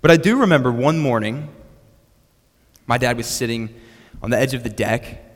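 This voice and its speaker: A young man preaches a sermon built around a personal story, speaking at normal speed in a mid-range voice. His delivery is storytelling in style with frequent restarts, and a hall's long reverb fills the recording.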